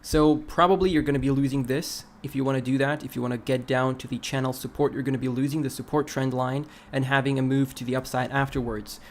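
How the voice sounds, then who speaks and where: A man's voice: mid-range voice, slight background noise. A man hosting a casual crypto livestream, walking through price charts and reading viewer comments aloud. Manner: relaxed, talks through charts, reads chat aloud.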